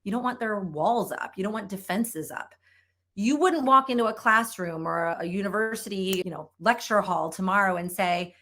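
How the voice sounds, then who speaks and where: A woman's voice: mid-range voice, expressive, moderate pace, sharp tone. A middle-aged woman delivers a conference keynote as a sales trainer. Her delivery is upbeat and emphatic, and she drives points home by repeating them.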